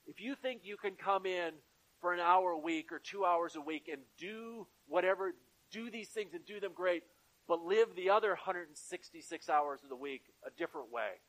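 A man with a high voice delivers a sermon in a church. His preaching is earnest and stacks up repeated phrases to drive each point home. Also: moderate pace, a bit bright, low-quality recording. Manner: earnest, repetitive preaching cadence. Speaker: pastor.

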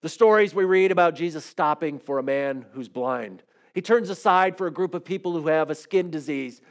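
A man preaching a sermon, telling stories, dropping to soft quiet phrases and rising to emphatic ones. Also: fairly high pitch, moderate pace. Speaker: pastor.

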